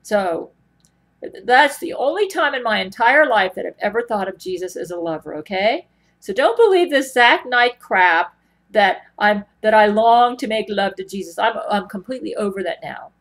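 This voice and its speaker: A woman's voice: medium pitch, expressive, normal speed, a bit bright. A woman in a personal vlog monologue, talking earnestly and meandering, often restarting her sentences. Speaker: vlogger. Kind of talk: rambling personal monologue to camera.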